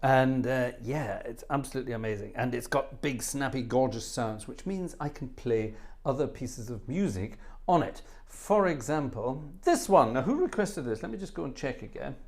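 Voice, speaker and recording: Between pieces, a middle-aged organist hosting a livestream chats casually with his viewers, rambling from one story to the next with jokey asides. His medium-pitched voice is expressive and moves at a normal speed.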